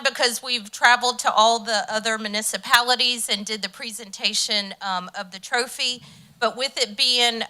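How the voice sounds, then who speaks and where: A woman with a bright, ringing voice pitched a little high, speaking at a county council meeting. She talks with warm enthusiasm and fills her pauses with ums. Her voice turns emotional easily. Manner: enthusiastic, many filler ums, gets emotional. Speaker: community delegation leader. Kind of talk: speech at a public council meeting.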